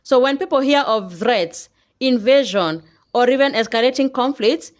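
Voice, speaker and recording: A woman narrating in a measured, explanatory way. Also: fairly high pitch. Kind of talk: scripted narration.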